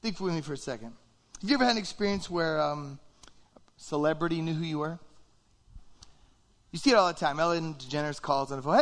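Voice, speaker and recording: A man preaching in a high, bright voice, loose and conversational, who acts out little quoted reactions as he goes. It is a relaxed, lively sermon. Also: fairly quick, long pauses. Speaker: pastor.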